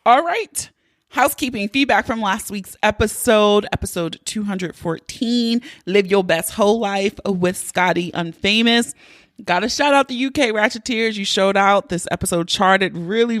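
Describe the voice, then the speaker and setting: Speaking into a close mic on her own podcast, a woman with a mid-range voice delivers a casual monologue. She is playful, chatty and freely profane, and the recording is dry.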